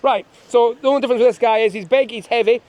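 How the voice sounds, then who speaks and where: A man's voice: extremely high pitch, steady tone, rapid-fire, a little mellow. A middle-aged man, a falconer, showing birds of prey outdoors on a windy hilltop, telling chatty, joking anecdotes. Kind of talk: hands-on demonstration with storytelling.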